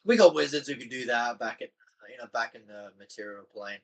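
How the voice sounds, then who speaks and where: Brief: boastful, teasing adventurer, played by a man in his own voice, lively intonation. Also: medium pitch, a little fast, gravelly, low-quality recording. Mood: smug. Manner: teasing, condescending.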